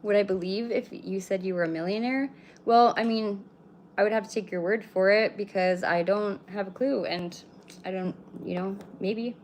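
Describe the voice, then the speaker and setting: On a live stream, a woman in her thirties from British Columbia, Canada, chats casually with viewers, rambling and swearing freely in blunt answers. Her voice is medium-pitched and darkish, her intonation fairly even, and her pace moderate. A little hiss or hum sits under the audio.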